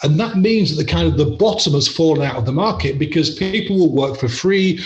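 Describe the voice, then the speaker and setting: A man's voice: a little high, expressive, fairly quick, reverberant, muffled recording. A middle-aged English man, a podcast guest, telling stories in a chatty, self-deprecating way and laughing often. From England. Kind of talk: casual storytelling interview.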